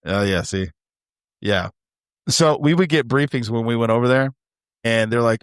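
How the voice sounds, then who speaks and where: A man's voice: mid-range voice, normal speed, long pauses, smooth, no room sound, clean studio sound. A man hosting a podcast in casual, profane, joking banter. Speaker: podcast host. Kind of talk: casual chat. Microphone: remote call.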